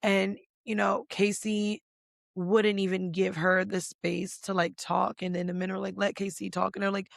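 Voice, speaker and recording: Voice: medium pitch, level tone, normal speed, creaky, no echo, studio quality. A podcast host doing a casual pop culture recap, ranting bluntly and profanely, with lots of "like" fillers. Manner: filler-heavy with many "like"s.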